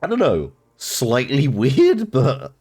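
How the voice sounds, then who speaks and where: A man's voice: mid-range voice, huge pitch swings, slow pace, a little mellow, slightly rough. Amused British man streaming a game. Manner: amused, laughing reactions. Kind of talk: live game stream commentary. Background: faint game music.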